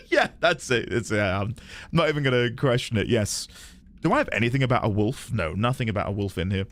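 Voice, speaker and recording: A British man chatting as he streams a game, reading in-game documents aloud in a lively way. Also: medium pitch, normal speed. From Britain. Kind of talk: casual game-stream chat.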